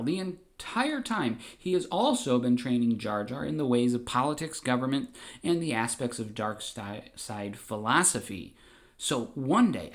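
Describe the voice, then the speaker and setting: A man narrating a comedic audio story in a brisk, deadpan way. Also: mid-range voice.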